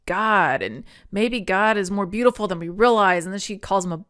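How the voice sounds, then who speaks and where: A woman's voice: medium pitch, expressive, moderate pace, fairly bright tone, smooth. Earnest, chatty woman podcast host. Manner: earnest and chatty, often laughing; emotional, near tears. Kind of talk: casual episode recap.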